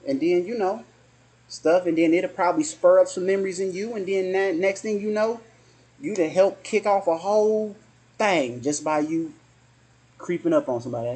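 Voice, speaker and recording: A man around forty in a casual spiritual chat, halting and restarting often, slipping into softly acted quotes. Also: high-pitched, breathy edge.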